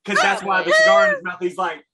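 A man's voice: high voice, fast talker, a loud crowd. A man, chatting casually on a podcast and acting out movie lines as he tells them. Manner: animated storyteller, acts out movie lines. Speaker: podcast co-host. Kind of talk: casual chat.

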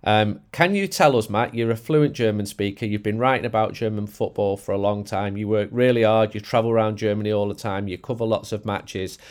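Jokey podcast host. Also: male voice, fairly low pitch, fairly quick, hardly any pauses. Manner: jokey, laughing, excitable. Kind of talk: casual football podcast chat. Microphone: studio mic.

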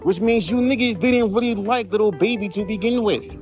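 A man's voice: high-pitched, moderate pace, darkish tone, soft background music. A man who raps, ranting in a casual, profane, heated way on his podcast. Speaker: podcast host, rapper. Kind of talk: casual rant.

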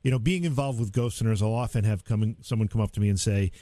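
A man hosting a radio interview, chatting casually and asking questions with an animated delivery. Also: lowish voice, fast talker, no echo. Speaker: radio host.

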